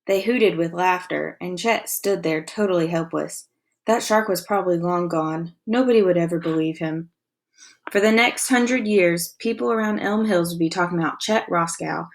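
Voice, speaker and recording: A woman teacher reading a novel aloud to her class with expressive storytelling, pausing to ask comprehension questions. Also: fairly low pitch. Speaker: elementary school teacher.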